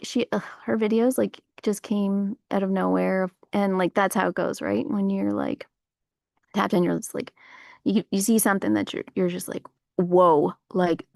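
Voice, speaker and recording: A woman's voice: medium pitch, creaky, no room sound, clean studio sound. A woman livestreaming outdoors, rambling in casual chat with her viewers and filling her talk with likes and you-knows. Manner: rambling, animated, full of fillers. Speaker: livestream host.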